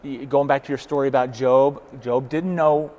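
A man's voice: mid-range voice, fairly even intonation, normal speed, darkish tone, highs cut off. A man in a casual faith discussion who speaks earnestly and often repeats words as he starts a thought.

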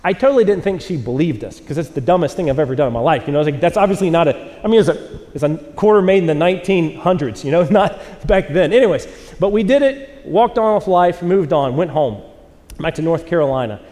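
A man's voice: on the high side, expressive, fast, mellow, long reverb tail. A man in his forties, a pastor preaching a sermon to a live church audience, telling a self-mocking story in a casual way and acting out the quotes.

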